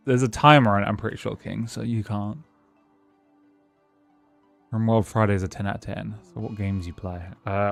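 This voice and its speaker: A man's voice: on the low side, no room sound. A man streaming a game live, rambling casually and answering his chat as he plays. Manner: rambling, chatty, answers chat and thanks followers.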